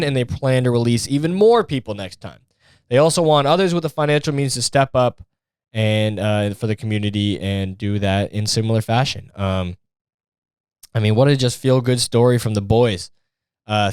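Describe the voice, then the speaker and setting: A man's voice: medium pitch, smooth, dry recording, studio quality. A man hosting a comedy podcast, talking in a rambling, sarcastic and profane way. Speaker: podcast host. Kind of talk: casual comedic monologue.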